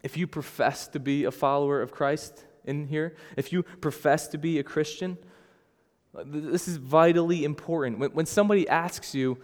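A man preaching a sermon as pastor, earnest, moving between hushed and emphatic delivery. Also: a little high, moderate pace. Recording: long hall reverb.

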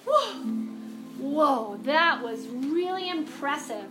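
Speaking a little slowly in a high-pitched voice, a woman teaches yoga to a group of children. She keeps it playful and encouraging with sing-song animal cues, in an echoey classroom or studio with music playing behind her.

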